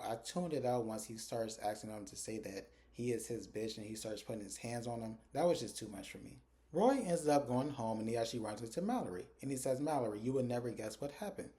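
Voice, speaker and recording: This TV episode reviewer speaks to his phone camera with a mellow, mid-range voice, lively intonation, and a slightly fast pace. His relaxed recap walks through scenes by quoting the characters' lines.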